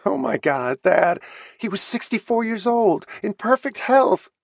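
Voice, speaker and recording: A man's voice: medium pitch, animated, a little fast, no echo, voice pushed up, close to an everyday voice. A male audiobook reader voicing a grief-stricken woman in her forties, distraught with a breaking voice. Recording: slightly muffled dry recording.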